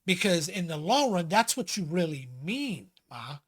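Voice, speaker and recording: A podcast co-host chats casually, telling stories, acting out quotes, and laughing often, an animated storyteller. His voice is high and husky, and he speaks a little slowly.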